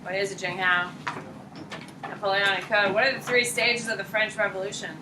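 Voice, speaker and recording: A woman teaching a high school history class, quizzing students by name in a blunt, casual way. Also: level tone, normal speed. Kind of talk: classroom lecture and questioning. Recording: echoey classroom, distant mic, light noise.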